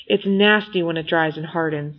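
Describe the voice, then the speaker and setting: A calm male police officer gives plain advice in an even, matter-of-fact tone, voiced by a woman reading an audiobook. The voice sits a little low, and the recording sounds slightly muffled and lo-fi. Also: moderate pace, natural voice.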